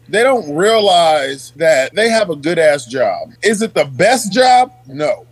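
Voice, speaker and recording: A middle-aged man with a husky, somewhat high voice tells profane stories in a relaxed podcast chat. He acts out every quote and keeps a rough, animated delivery. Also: no room sound. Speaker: Army sergeant guest. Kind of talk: casual podcast conversation.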